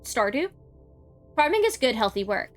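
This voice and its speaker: A woman with a somewhat high voice plays through a video game on a live stream. She reads the on-screen text aloud and breaks off for quick, chatty remarks, with faint game music playing under her. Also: sing-song. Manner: chatty asides between reading game text. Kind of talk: live game playthrough, reading dialogue aloud.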